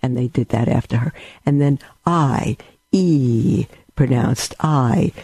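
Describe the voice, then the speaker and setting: A man's voice: medium pitch, slow, vocal fry, breathy edge, dry recording. A man giving a rambling spiritual talk, telling stories with asides. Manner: storytelling, warm and rambling with asides. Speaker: religious teacher.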